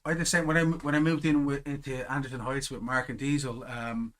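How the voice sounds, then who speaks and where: A young man hosting a casual podcast chat, telling stories and acting out quoted exchanges with sudden loud punchlines. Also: medium pitch, fairly quick. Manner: animated storyteller who acts out quoted exchanges. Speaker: podcast host.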